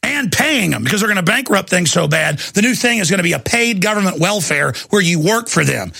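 Gravelly, fiery ranting man. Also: high voice, expressive, brisk, no room sound. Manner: ranting, fiery delivery with bursts of shouting. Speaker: talk show host. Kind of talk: heated monologue.

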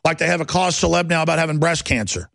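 A man hosting a talk show, delivering a heated, mocking rant and mimicking others in shrill voices. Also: quick pace, vocal fry, fairly bright tone, dry recording.

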